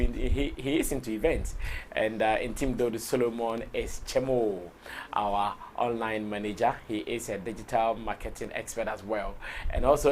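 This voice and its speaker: A man with a Ghanaian accent hosting a live entertainment talk show, his voice hoarse, talking in an excitable, expressive way and laughing often. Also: mid-range voice, a little hiss or hum. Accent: Ghanaian English. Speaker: show host.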